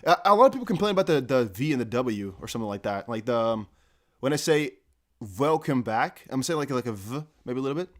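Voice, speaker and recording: A man's voice: medium pitch, sing-song, fast talker. A man with a light Dutch accent who hosts a crypto live stream. He chats casually, reads viewer comments aloud, and often trails off with "I don't know.". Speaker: crypto livestream host.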